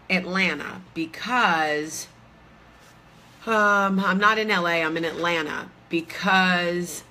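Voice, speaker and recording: A woman's voice: fairly low pitch, sharp tone. A woman, in her thirties, chatting casually and rambling to viewers from a hotel room, with lots of fillers. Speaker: vlogger host.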